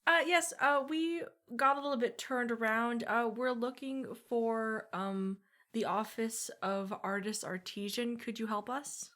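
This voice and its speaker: A woman player chatting at a tabletop game, expressive and quick to laugh. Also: a little high. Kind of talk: casual chat at a game table.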